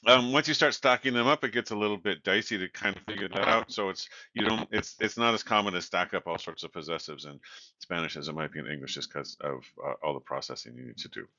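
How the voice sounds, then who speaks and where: Male college instructor, lower voice, dry close sound, explanatory lecture with frequent fillers. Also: quick pace, sharp tone, no room sound. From California. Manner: explanatory, many fillers and "right?" checks. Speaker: Spanish instructor. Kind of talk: recorded lecture. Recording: dull, lo-fi sound.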